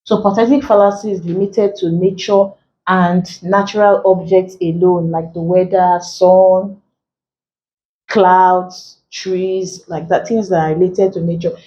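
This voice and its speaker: A woman teacher giving an exam-prep lesson, explaining slowly, repeating key phrases and filling gaps with "like.". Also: on the low side, steady tone, dark tone, highs cut off. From Nigeria.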